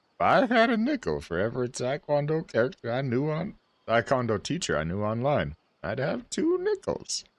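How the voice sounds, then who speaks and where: A man's voice: mid-range voice, huge pitch swings, normal speed, pauses often, dry recording. A man streaming a game, chatting casually and rambling with his viewers. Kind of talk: casual livestream chat.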